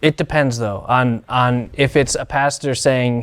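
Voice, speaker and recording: A man speaking as a relaxed, agreeable panel guest in a casual discussion. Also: medium pitch, measured pace, clean tone.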